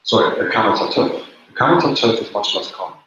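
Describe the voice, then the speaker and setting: Speaking quickly in a lowish, slightly bright voice, a man teaches a lesson, breaking down rules step by step and repeating the essentials. The sound is dull and lo-fi in an echoey room, with a faint hiss or hum.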